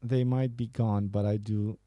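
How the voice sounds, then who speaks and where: A man's voice: lowish voice, fairly even intonation, unhurried, dry recording, muffled recording. A man hosting a podcast, casually reading out and joking about viewer messages, laughing and swearing often. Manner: laughing, profane, banter. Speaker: podcast host.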